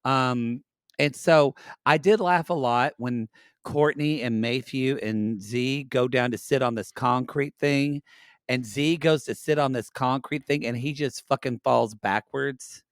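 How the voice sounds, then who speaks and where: A man's voice: mid-range voice, unhurried, clear, resonant tone, no echo, clean studio sound. A man co-hosting a podcast, recapping a reality show in campy, joking banter that rambles and cuts itself off. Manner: rambling, self-interrupting. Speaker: podcast co-host. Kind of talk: casual recap chat.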